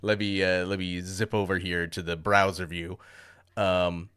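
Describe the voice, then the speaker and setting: A man's voice: low voice, level tone, a little slow, a bit bright, smooth, no room sound, clean studio sound. A man co-hosting a podcast, chatting casually in a hesitant way, with many fillers. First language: English. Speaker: podcast co-host.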